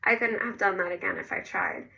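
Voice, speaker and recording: A woman narrating a first-person novel in a gentle storytelling manner. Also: medium pitch, brisk, vocal fry, far from the mic, rough recording. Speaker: audiobook narrator.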